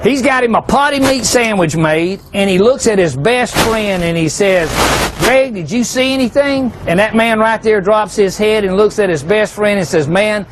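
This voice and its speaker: A man's voice: high voice, normal speed, hardly any pauses, background noise. A man giving a folksy, joking hunting seminar, peppering a live audience with rhetorical questions.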